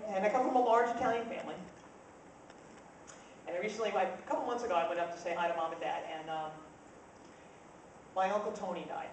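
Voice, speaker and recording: A woman's voice: mid-range voice, fast talker, pauses often. A woman from New Jersey doing a stand-up comedy set, telling brash, profane stories with punchy timing. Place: club room with a laughing audience. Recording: distant, echoey live-room recording. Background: loud crowd laughter and noise.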